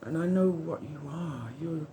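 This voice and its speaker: A man's voice: on the high side, measured pace, dark tone, roomy sound, slight background noise. A man giving a rambling, heartfelt spiritual monologue to camera, musing on love and trust.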